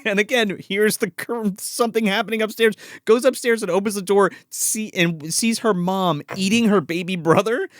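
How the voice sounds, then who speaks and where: A man's voice: high voice, normal speed, hardly any pauses, no echo, studio quality. A man hosting a casual movie review podcast, swearing freely and acting out scenes as he retells them. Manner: animated, profane, retells scenes with voices. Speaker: podcast host.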